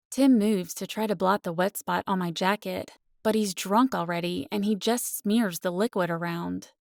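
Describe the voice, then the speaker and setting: Gravelly-voiced woman narrating an audiobook. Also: lowish voice, normal speed, hardly any pauses, no room sound, studio quality. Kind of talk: first-person romance audiobook narration.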